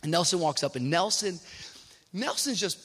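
A man preaching a sermon as a pastor, telling animated stories and building to shouted exhortation in a church. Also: high-pitched, moderate pace. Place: church sanctuary. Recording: reverberant church hall.

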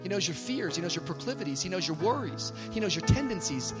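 Man, preacher, very high voice, sermon in a big reverberant hall, faint music behind, swings from chatty to shouting. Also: very animated, quick pace. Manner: builds from conversational to shouted, with jokes and laughs.

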